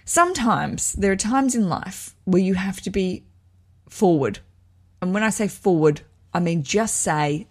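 A woman's voice: mid-range voice, lively intonation, a little slow, a little mellow. Woman host, frank and profane, digresses and laughs at herself while she gives wedding advice. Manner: candid, swearing, self-mocking. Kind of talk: casual chat reading listener letters.

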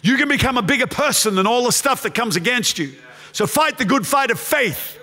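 Brief: middle-aged male pastor, high and bright, impassioned sermon, long hall reverb. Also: animated, a little fast. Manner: impassioned, rises to shouting then drops to hushed storytelling.

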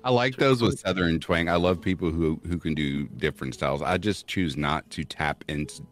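A man's voice: sits low, normal speed, faint music behind. A man from Kentucky who narrates stories, chatting casually on a stream and reading out comments. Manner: reads chat comments aloud, laughs often. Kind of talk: casual chat.

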